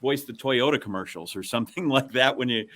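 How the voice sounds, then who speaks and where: A man's voice: medium pitch, brisk, a bit bright. A man co-hosting a chat podcast, talking in a rambling, self-deprecating way with playful asides. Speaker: podcast co-host. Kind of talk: casual chat.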